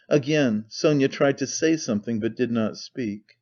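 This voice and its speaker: A man narrating a classic novel as an audiobook in a measured, steady way, in a slightly muffled recording. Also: mid-range voice.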